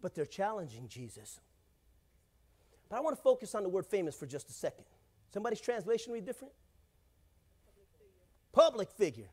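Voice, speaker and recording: Male pastor with a high voice, relaxed and jokey delivery, keeps asking the congregation for responses. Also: fairly quick, long pauses, slightly rough. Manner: casual, joking, calls out to the congregation. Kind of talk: sermon. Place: church.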